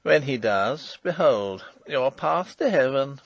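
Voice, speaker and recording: A man's voice: medium pitch, big pitch swings, normal speed, gravelly, no echo. Man putting on a harsh, grating English jailer, sneering. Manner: sneering, mocking. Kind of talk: audiobook character reading.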